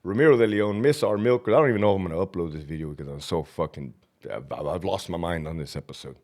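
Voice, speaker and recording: A man who is a former prison lieutenant hosting a vlog, ranting and rambling with profanity between long runs of viewer shout-outs. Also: deep voice, quick pace.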